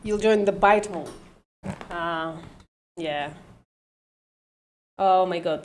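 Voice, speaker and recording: A woman hosts a casual livestream and talks slowly with long pauses, her voice sitting on the low side. She stumbles, corrects herself and swears lightly as she works through an argument. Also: slight background noise. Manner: halting, self-correcting, swears and laughs at herself. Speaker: livestream host. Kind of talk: casual livestream teaching logic.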